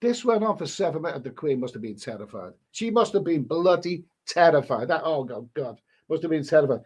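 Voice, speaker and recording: A man's voice: a little high, animated, a little fast, breathy edge. A man hosting a live stream, reading a story aloud in a casual way and breaking off to answer the chat.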